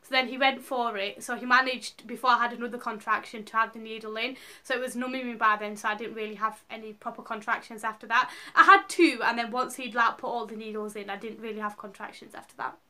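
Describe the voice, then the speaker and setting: A woman's voice: on the high side, steady tone, fast, few pauses, bright, forceful tone. A young woman vlogger telling a personal story to camera in a casual, rambling way, full of likes and ums. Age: young adult.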